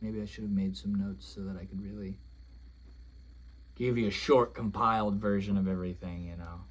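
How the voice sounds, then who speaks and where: A man's voice: fairly low pitch, steady tone, normal speed, husky. A young man telling a story in a casual, rambling way, dreamy and emotional, with many "like"s and "you know"s. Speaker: vlogger.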